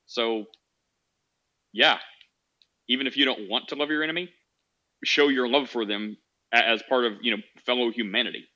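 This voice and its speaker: A man's voice: medium pitch, fairly even intonation, normal speed, pauses often, bright, forceful tone, highs cut off. A man hosting a casual call-in podcast, talking in a rambling way with many fillers and restarts. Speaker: podcast host.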